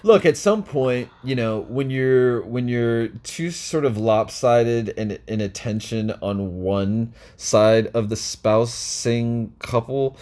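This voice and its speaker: A man co-hosting a casual podcast with his partner, talking in halting bursts with many fillers and restarts. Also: medium pitch, a little mellow. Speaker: podcast co-host. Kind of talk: casual couple chat.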